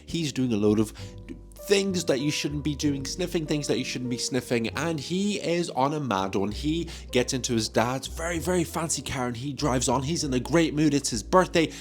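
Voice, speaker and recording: A man's voice: medium pitch, lively intonation, moderate pace, soft background music. A man chatting casually in a movie vlog, joking and swearing freely, recorded on a phone mic. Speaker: movie review vlogger.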